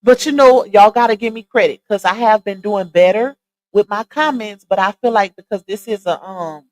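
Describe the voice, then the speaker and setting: A woman with a Southern Louisiana accent hosting a live stream, chatting casually and straight to her viewers on a boom-arm mic. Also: poor audio. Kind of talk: casual chat. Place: home streaming setup. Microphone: side-mounted boom arm mic.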